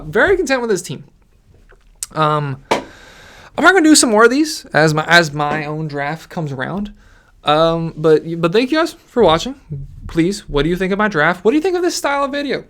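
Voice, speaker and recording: A man's voice: fairly high pitch, fairly bright tone. A man giving casual, rambling commentary on his fantasy football mock draft, ranting with frequent restarts.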